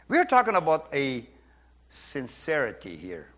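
Brief: middle-aged Brazilian-accented male pastor, high voice, emphatic sermon delivery with quiet asides. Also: expressive, moderate pace. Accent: Brazilian Portuguese. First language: Portuguese. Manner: emphatic, swings between loud preaching and quiet asides.

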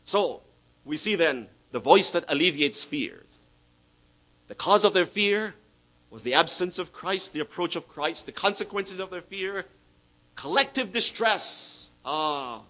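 A pastor preaching with a high, bright, ringing voice that leaps and dips all over. He stretches out key words slowly, then drops to a near hush before surging loud again. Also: expressive, poor audio. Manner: dramatic swings between loud emphasis and hushed asides. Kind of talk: sermon.

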